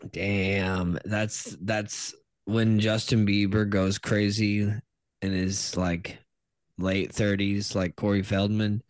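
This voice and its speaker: Rambling low-voiced man, laughing. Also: little pitch movement, slow, no echo. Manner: rambling, laughs often, trails off mid-sentence. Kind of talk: casual crude comedy chat.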